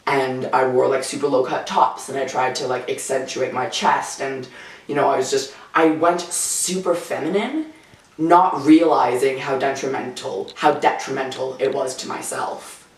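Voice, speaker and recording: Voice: medium pitch, fairly even intonation, moderate pace. A teenager speaking frankly in a casual interview, full of "like" fillers. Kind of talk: candid personal interview. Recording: roomy sound from a distant mic, faint music.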